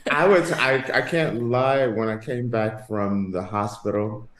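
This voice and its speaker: A man's voice: mid-range voice, unhurried, a bit bright, slight background noise. A man hosting a sports podcast, chatting casually with a co-host, laughing and rambling as he talks. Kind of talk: casual chat. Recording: roomy echo.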